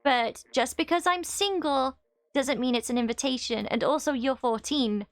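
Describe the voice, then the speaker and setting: High-voiced chatty woman streamer. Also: normal speed, no room sound. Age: 20s. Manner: chatty, reads chat aloud, laughs often. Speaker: live streamer. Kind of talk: casual live-stream chat while gaming.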